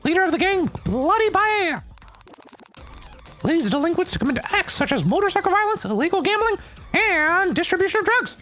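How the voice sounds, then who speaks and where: A streamer voicing a calm, formal female lab assistant who reads out reports in a crisp, clinical manner. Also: extremely high pitch, fairly quick, faint music behind, pitched above the performer's own voice, exaggerated voice.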